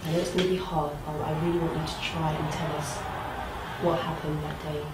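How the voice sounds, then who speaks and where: A woman playing an interviewer who coaxes a witness gently. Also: low voice, flat delivery, fairly quick, natural voice. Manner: gentle, coaxing. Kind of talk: improvised mockumentary acting. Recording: distant, echoey, with loud background noise.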